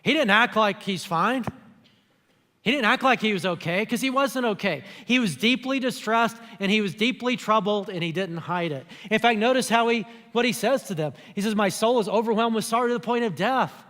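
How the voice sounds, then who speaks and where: A man's voice: high voice, normal speed, pushed and bright, in a large hall. A man preaching a sermon as pastor, speaking conversationally and acting out the lines he quotes. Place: church auditorium.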